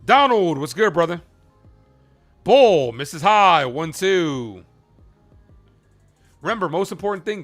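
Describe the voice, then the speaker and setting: A man hosting a live baseball stream, chatting casually with viewers while calling the pitches in an animated way. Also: slow, long pauses, soft background music. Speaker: live play-by-play streamer and host.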